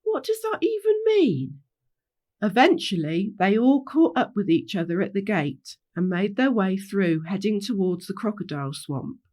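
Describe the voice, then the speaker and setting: A woman reads a children's story aloud. Her intonation is lively and expressive. It is a storyteller's reading. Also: medium pitch, normal speed, hardly any pauses.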